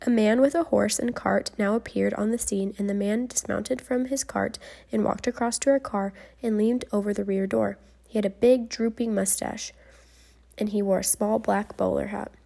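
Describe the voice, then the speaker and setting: A woman reading a memoir aloud in a measured storybook manner, dropping to a soft whisper at tense moments. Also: medium pitch, fairly even intonation, creaky. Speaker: reader.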